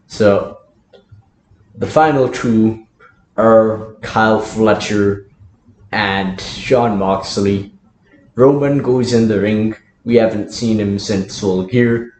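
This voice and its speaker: A wrestling fantasy booker tells a story to camera, chatty and often laughing as he rushes through the details. His voice is on the low side with a darkish tone, recorded with roomy echo and a faint background hiss.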